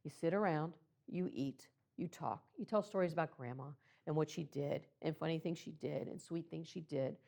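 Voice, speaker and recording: A woman presenting to clergy, speaking earnestly and personally, with frequent pauses and ums. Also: low voice, creaky, warm tone. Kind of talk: talk to clergy about baby loss. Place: meeting room.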